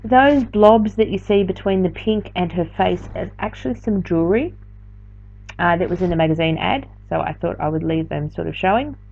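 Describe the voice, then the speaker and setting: A woman's voice: lowish voice, lively intonation, moderate pace, creaky, darkish tone. Tired, chatty woman teaching crafts. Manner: chatty, rambling, self-correcting. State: tired, yawning late at night. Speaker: art journaling teacher. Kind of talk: casual craft tutorial voiceover. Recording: slightly dull lo-fi sound.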